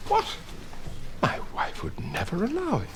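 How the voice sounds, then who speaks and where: An actor playing a chatty, wry barrister fond of betting. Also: male voice, very high-pitched, wildly swooping pitch, a little slow, vocal fry, full character voice. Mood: hurried. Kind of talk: TV drama acting. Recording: background hiss.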